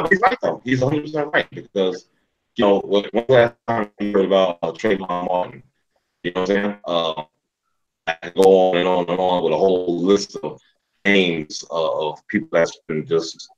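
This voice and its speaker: A man's voice: low voice, lo-fi sound. A man hosting a casual sports podcast, talking emotionally with lots of fillers and swearing. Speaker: podcast host.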